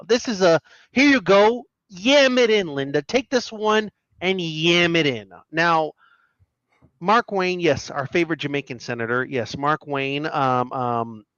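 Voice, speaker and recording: A fairly high-voiced man hosts a casual commentary show, riffing over clips with animated, mocking energy. His sound is dry and a little muffled, as if lo-fi. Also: no echo. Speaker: political commentary show host.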